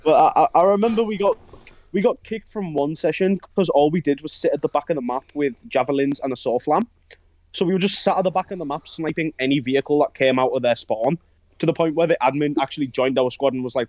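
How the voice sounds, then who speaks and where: A man's voice: a little high, fast talker, a little mellow, no echo. A young man, co-hosting a podcast, chatting casually about gaming and mocking old opponents with swearing and laughs. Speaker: podcast co-host.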